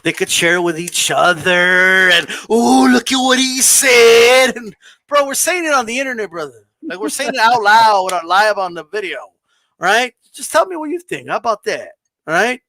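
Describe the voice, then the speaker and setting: A man's voice: high voice, big pitch swings, normal speed, sharp tone, no room sound. A man co-hosting a casual boxing talk show, ranting in a brash, profane way. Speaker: boxing channel co-host. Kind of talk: casual podcast chat.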